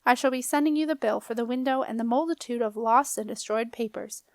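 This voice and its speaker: A woman's voice: fairly high pitch, fairly quick, dry recording, clean studio sound, natural voice. A woman voicing a fussy, indignant woman head clerk in a storybook reading, with a prim manner.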